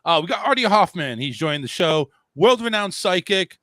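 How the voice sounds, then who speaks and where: A man's voice: high-pitched, lively intonation, normal speed, sharp tone, no room sound. A man hosting a talk show, casually introducing his guest and affirming what is said.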